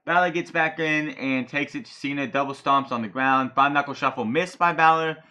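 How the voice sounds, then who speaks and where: A man reviewing wrestling on a casual solo podcast, his voice bright and forceful. He rants with heavy swearing and often trips over words and restarts them. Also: fairly high pitch, moderate pace. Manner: ranting, profane, heated.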